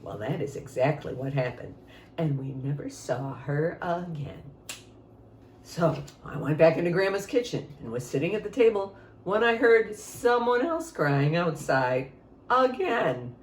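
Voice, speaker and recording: A woman music teacher tells a story to children, playful and engaging. Her pitch rises and falls animatedly, and the room echoes around her voice. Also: measured pace, slight background noise. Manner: expressive and playful, addresses listeners.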